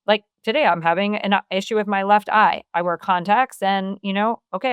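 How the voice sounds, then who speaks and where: A middle-aged woman speaks as a podcast guest, in an earnest and open way that leans on filler phrases. Her tone is smooth and clean. The sound is close and dry, with no room around it. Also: mid-range voice, a little fast, hardly any pauses, dry recording. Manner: earnest, open, many "you know" fillers. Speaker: podcast guest, wellness author. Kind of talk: casual conversational interview.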